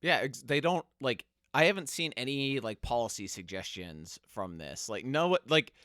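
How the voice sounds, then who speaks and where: A man's voice: medium pitch, animated, normal speed, bright, forceful tone, dry recording. A laid-back man talks casually on a podcast, agreeing often and swearing now and then. His voice is recorded dry and close, with no room sound around it. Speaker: podcast co-host. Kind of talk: casual political chat.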